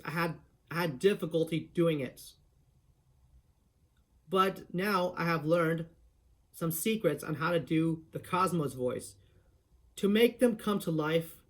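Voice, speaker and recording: Chatty man explaining voice impressions. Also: a little high. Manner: restarts often, chatty, explains step by step. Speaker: impression tutorial presenter. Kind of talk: casual tutorial talk.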